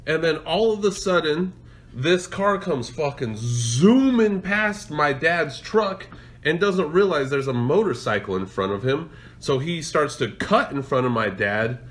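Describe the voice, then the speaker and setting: A man on a casual podcast telling a road rage story, profane and animated, acting out the shouting. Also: fairly high pitch, moderate pace. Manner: profane, loud, acts out shouting in quotes. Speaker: podcast co-host.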